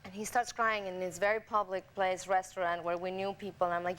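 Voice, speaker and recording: A woman telling animated anecdotes as a talk show guest, laughing often and acting out the voices of people in her stories, on a noisy satellite TV recording. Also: medium pitch, brisk, hardly any pauses. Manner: laughing storyteller, acts out quoted voices. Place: TV studio with audience.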